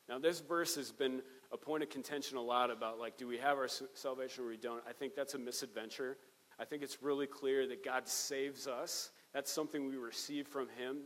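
A man's voice: mid-range voice, in a large hall, poor audio. A male pastor giving an earnest, conversational sermon with rising emphatic peaks, recorded in a church sanctuary.

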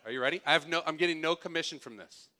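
A man's voice: on the high side, very fast, bright, forceful tone. A male pastor preaching a sermon, playful and sarcastic as he speaks to his congregation in a church hall.

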